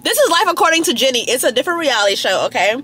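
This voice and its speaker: A young woman vlogging into a handheld phone while people watching at a restaurant. Her chatty, gossipy talk sits a bit high and swoops all over the place. There is a faint hiss behind her. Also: sing-song, rapid-fire, pushed and bright. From Dallas, Texas. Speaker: lifestyle vlogger. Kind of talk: casual chatty vlog talk to camera.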